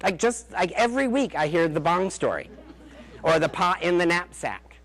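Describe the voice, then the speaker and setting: A slightly high-voiced male therapist addresses a room of parents in a loose, conversational lecture. He tells case stories with dry sarcasm and leans on "like" and "um" as he goes. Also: lively intonation, normal speed, a bit bright. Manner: chatty storytelling, frequent "like" and "um" fillers. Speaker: family therapist giving a parenting talk. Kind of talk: lecture with anecdotes.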